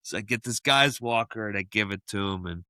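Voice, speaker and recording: A man co-hosts a casual podcast chat and tells a long story with a lot of energy. His voice sits low but has a very bright, forceful edge. He laughs often mid-sentence, and the sound is dry and close with no room echo. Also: brisk. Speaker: podcast co-host.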